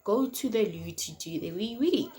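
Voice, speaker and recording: A young South African woman telling a casual storytime on her vlog, animated and slangy, swinging between loud and hushed. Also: mid-range voice, moderate pace. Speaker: vlogger. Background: faint noise from outside.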